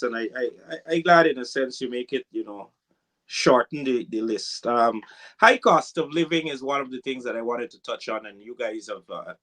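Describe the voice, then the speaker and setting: A man's voice: medium pitch, fairly bright tone. A man hosting a political discussion, speaking hesitantly with some stammering. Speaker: host.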